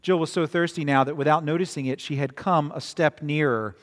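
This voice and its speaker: A man's voice: a little high, fairly quick, a bit bright. A man preaching a sermon in a conversational way, often repeating words and checking in with "right?", in a long-reverb hall. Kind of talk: sermon with storytelling.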